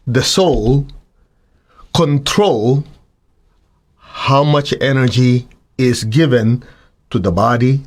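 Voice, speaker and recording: A man teaching students about spiritual practice in a lively, conversational way. He keeps jumping into little acted-out voices, sometimes high and exaggerated, then settles back into a calm middle-pitched delivery. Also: breathy edge. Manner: animated, acts out voices of students and himself.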